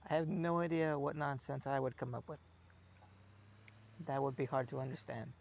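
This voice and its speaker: A man's voice: mid-range voice, steady tone, moderate pace, gravelly, darkish tone, a little hiss or hum. A man streaming a game, chatting casually in a rambling, musing, self-mocking way. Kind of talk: casual gameplay chat.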